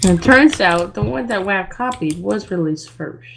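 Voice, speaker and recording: A man's voice: high-pitched, expressive, moderate pace, gravelly, background noise. A teenage boy co-hosting a goofy amateur podcast, teasing and interrupting his friend. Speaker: podcast co-host.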